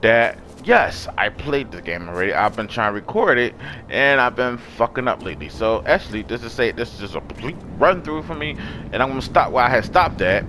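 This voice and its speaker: A man giving excitable, profanity-laced let's play commentary, talking back to the enemies he fights. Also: medium pitch, fairly quick, a little hiss or hum. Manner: excitable, swears a lot, talks to enemies. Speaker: gamer. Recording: background music.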